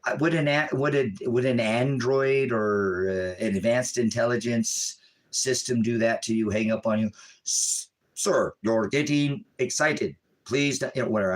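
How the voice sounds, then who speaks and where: Middle-aged man, rambling livestream host, animated, jumps between asides. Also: medium pitch, rough recording.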